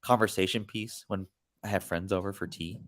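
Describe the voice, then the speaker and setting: A man with a somewhat low voice hosts a casual chat, talking in a loose, laid-back way. He rambles and restarts his sentences, with plenty of slang. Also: fairly even intonation, normal speed, a bit bright. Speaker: podcast host.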